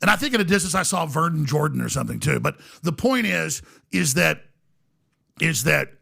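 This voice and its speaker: A man guest on a podcast, telling a story in an excitable way, stumbling and restarting and acting out what people said. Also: fairly high pitch, a little fast, gravelly, breathy edge. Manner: excitable, many restarts, acts out quotes. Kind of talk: animated storytelling.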